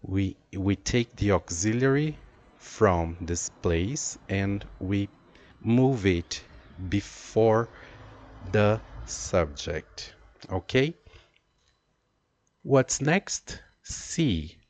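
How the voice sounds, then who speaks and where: A man teaching an English grammar lesson, explaining slowly and reading out example sentences. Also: fairly low pitch, expressive, a little mellow. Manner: slow, deliberate explaining with drawn-out example sentences.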